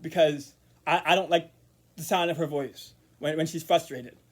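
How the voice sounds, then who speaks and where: A man vlogging in a casual monologue to camera, rambling with repeated words and restarts, murmuring quiet asides. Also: a little high, steady tone, normal speed.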